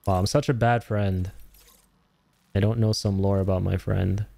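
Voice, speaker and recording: A young adult man streaming a game, chatting casually, animated and joking, with casual swearing. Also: deep voice, moderate pace, vocal fry, a little hiss or hum. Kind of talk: casual gameplay commentary.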